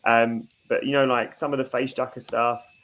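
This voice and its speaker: A man's voice: mid-range voice, little pitch movement, moderate pace, a bit bright. Thoughtful man reflecting aloud. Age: 30s. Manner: reflective, thinks aloud with many fillers. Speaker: podcast co-host. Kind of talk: casual chat.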